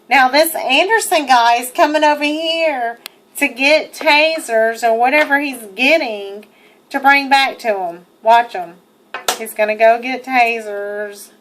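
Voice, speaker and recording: A woman's voice: high voice, fairly bright tone. A young woman giving an indignant, emphatic first-person account while narrating over video, swearing freely. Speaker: person narrating her own arrest footage.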